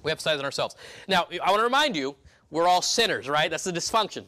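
A pastor preaching a sermon in church, emphatic, with repeated restarts and rhetorical questions. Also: male voice, on the high side, expressive, quick pace, bright, forceful tone.

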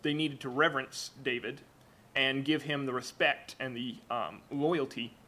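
A man preaching a church sermon and reading aloud from the Bible, halting often with fillers and restarts. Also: medium pitch, steady tone, sharp tone. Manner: hesitant, many fillers and restarts.

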